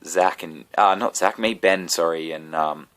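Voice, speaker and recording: A man's voice: low-pitched, a little slow, a bit bright. A man, a comedian, telling a rambling, profane story straight to camera with self-mocking asides. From Australia. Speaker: comedian vlogger. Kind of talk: rambling casual monologue.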